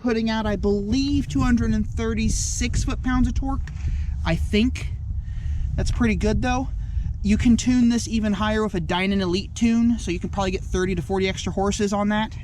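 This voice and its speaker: A man with a notably high voice hosts a casual outdoor car walkaround on a cold day. He rambles, cracks jokes and takes them back a moment later. Steady outdoor noise sits clearly under his voice. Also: normal speed. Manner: jokey, rambling, corrects his own gags. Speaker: car reviewer and channel host.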